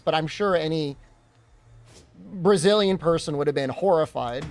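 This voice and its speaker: A young American man streaming and chatting casually, joking and reacting to questions from his chat. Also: a little high.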